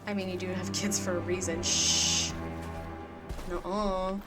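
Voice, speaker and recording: A woman's voice: lowish voice, level tone, fast talker. A woman streamer chatting playfully with her viewers while gaming, often giggling. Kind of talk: casual live-stream chat while gaming. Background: game music.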